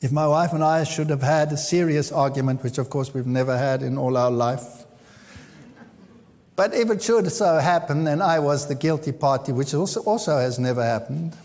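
Male preacher, high voice, dramatic scripture reading, dry wit, echoey hall. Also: a little slow, long pauses, darkish tone. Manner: reads scripture aloud with dramatic emphasis. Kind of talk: sermon.

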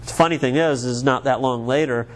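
An American pastor delivers a sermon at a mid-range pitch. He talks earnestly and conversationally, circling back and restarting phrases as he goes. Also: brisk. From United States.

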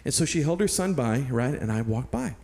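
A pastor from San Antonio, Texas, telling a personal story in a sermon with earnest, animated delivery. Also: male voice, mid-range voice, a little fast, gravelly.

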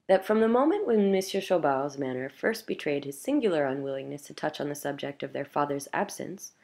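A woman reading a classic short story aloud in a measured, clear narration. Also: deep voice, darkish tone. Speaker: audiobook reader.

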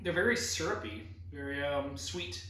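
A medium-pitched, pushed and bright voice belongs to the co-host of a casual snack-tasting video. Slow and easygoing, they drag out their reaction to each snack. The room is very echoey and the mic sits far away.

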